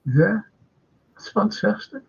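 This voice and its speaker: A man's voice: high voice, very animated, takes it slowly, vocal fry, husky. An older man hosting a casual live stream, chatting and reading viewer comments aloud. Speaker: show host. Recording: dull lo-fi stream audio.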